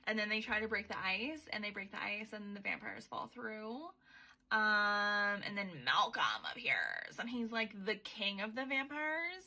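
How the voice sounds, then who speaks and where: Young woman podcaster doing a book recap, bright voice, swears a lot, snarky asides. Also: medium pitch, sing-song, a little slow, creaky. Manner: chatty, sweary, sarcastic asides. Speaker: podcast host.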